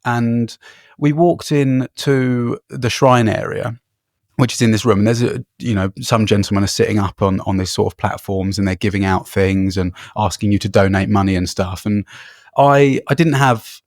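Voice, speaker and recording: Male podcast co-host, gravelly voice, dry close sound, rambling anecdotal delivery. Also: lowish voice, steady tone, normal speed, no room sound. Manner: rambling anecdotes with frequent fillers and laughs. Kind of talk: casual travel storytelling.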